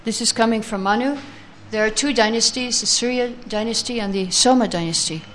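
A woman teaching a scripture class who chants verses slowly, then reads the translations and explains them, taking answers from her listeners. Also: fairly high pitch, a bit bright, soft background music.

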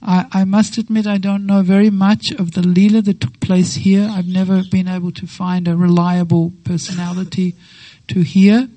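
A woman giving a devotional talk, telling a sacred story with lively acted-out quotes and slow, reverent phrasing. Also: lowish voice, dry recording, poor audio. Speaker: devotional speaker.

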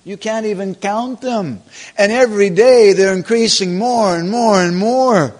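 A man's voice: high-pitched, unhurried, voice pushed up. A man voicing Krishna, an earnest, reassuring youthful divine son, in a devotional story retelling.

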